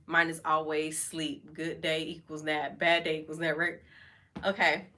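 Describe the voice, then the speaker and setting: Woman, vlog host, bright tense tone, slightly low voice, candid casual chat, fillers. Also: flat delivery, measured pace, slight background noise. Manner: candid and chatty, many fillers. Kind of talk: casual personal talk over wine.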